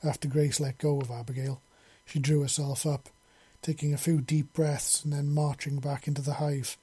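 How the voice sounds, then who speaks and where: Man, audiobook narrator, steady, slightly high pitch, husky. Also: normal speed. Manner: steady, storytelling.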